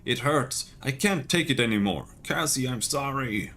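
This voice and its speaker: A man's voice: medium pitch, animated, moderate pace, fairly bright tone, slight background noise, voice pushed up, close to an everyday voice. A man reading aloud the lines of a grief-stricken young man who is pleading and sobbing as he relives his sister's death. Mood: remorseful. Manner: sobbing, pleading, rising to cries.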